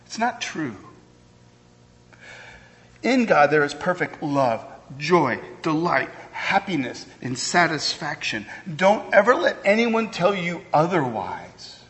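Male pastor, slightly higher voice, earnest sermon with casual asides, long hall reverb. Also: a bit bright. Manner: earnest, conversational with asides and humor.

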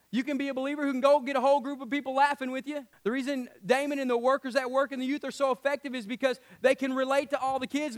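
A pastor delivers a sermon in a strikingly high voice for a man. He swings from hushed, intimate lines to loud, ringing ones and laughs often between points. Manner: laughs often while speaking.

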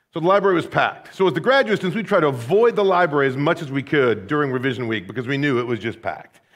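An American man from the Chicago area preaching a sermon, telling stories in a conversational, wry, humorous way. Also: a little high. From Rockford, Illinois, USA. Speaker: pastor. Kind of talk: sermon with personal storytelling.

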